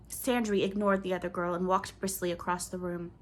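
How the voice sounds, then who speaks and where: A woman reading a children's novel aloud in clear, measured storybook narration. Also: fairly low pitch, level tone. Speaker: audiobook reader.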